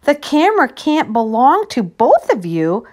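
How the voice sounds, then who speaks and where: A woman voicing a calm, even-handed female schoolteacher in a picture book read-aloud, measured and reasonable. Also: high-pitched, exaggerated voice.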